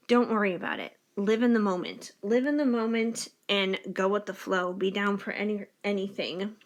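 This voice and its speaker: A woman's voice: mid-range voice, a bit bright. A woman tarot reader talking casually to camera in a spiritual reading, encouraging and chatty with many fillers. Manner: bubbly and giggly near the end.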